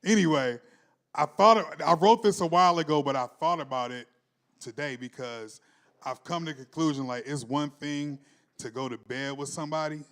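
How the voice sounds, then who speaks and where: A man's voice: a little high, normal speed, fairly bright tone. A man hosting a cafe spoken word night, talking in a laid-back, reflective way, then reciting rhythmic poetry. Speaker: spoken word host and poet. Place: live cafe event.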